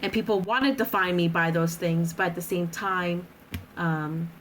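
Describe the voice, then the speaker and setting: A woman's voice: lowish voice, steady tone, moderate pace, a bit bright, a little hiss or hum, poor audio. A woman in her thirties, a podcast guest chatting casually with lots of fillers and frequent laughter.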